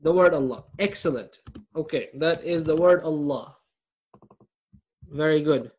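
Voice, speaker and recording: A man's voice: on the high side, measured pace, a little mellow. A man teaching a live online grammar class over a video call, quizzing his students and laughing at his own jokes.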